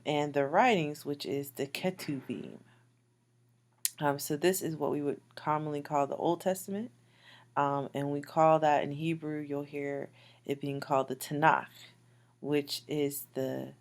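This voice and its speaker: Slow, low-voiced woman teaching Hebrew. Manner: patient, repeats words slowly with fillers. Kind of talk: recorded slide lecture.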